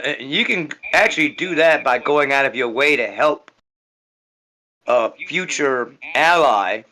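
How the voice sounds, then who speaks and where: Role-playing in character at a tabletop game, this man rambles on and keeps tacking "right?" onto his sentences. His medium-pitched voice sounds pushed and bright, and the recording is rough.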